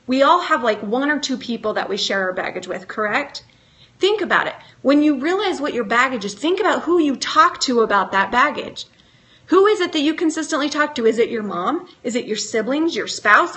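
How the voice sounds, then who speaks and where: Bright, high-voiced woman giving a pep talk. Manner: earnest, questioning, coaching tone. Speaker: motivational speaker. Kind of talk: live motivational talk to camera.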